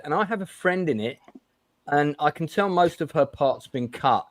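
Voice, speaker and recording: A man's voice: a little high, lively intonation, moderate pace, slight background noise. A man hosting a casual chat show, talking bluntly with lots of fillers and restarts. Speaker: host.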